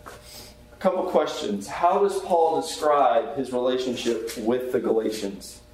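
A man's voice: medium pitch, unhurried, darkish tone. Earnest man teaching in an echoey room. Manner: earnest, asks the group questions. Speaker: chaplain teaching a Bible class. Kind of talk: conversational teaching. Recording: very echoey room, faint background hiss.

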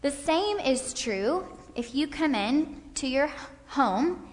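A woman leading a faith-based parenting class from a stage, animated, acting out scenes and checking in with her listeners. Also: high voice, takes it slowly. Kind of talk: interactive faith-based lecture with volunteers. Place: stage in a large hall. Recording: hall reverb from a stage talk.

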